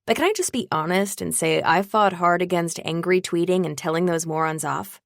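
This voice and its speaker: A woman voicing a playful, sarcastic young male best friend who teases dramatically and talks louder and higher than her narration. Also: normal speed, gravelly, dry recording, studio quality. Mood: indignant.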